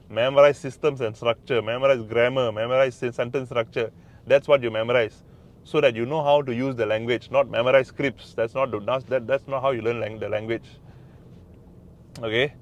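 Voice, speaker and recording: A man's voice: mid-range voice, lo-fi sound. A man with a Malaysian English accent, a Mandarin teacher giving casual tips, emphatic and repetitive. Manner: emphatic, repeats phrases, mixes in Malay words. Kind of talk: casual language tips to camera.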